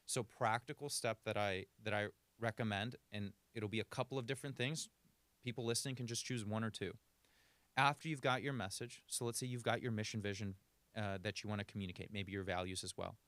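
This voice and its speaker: Low-voiced man coaching on speaking. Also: steady tone, a little fast, fairly bright tone, no echo. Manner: coaching, illustrative, varies speed for demonstration. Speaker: communication coach. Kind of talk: podcast interview advice.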